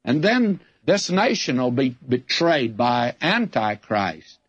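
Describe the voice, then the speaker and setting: A man, a pastor, preaching a sermon and reading scripture, with measured delivery that slows for emphasis. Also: medium pitch, big pitch swings, breathy edge, no echo. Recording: dull, dry lo-fi recording.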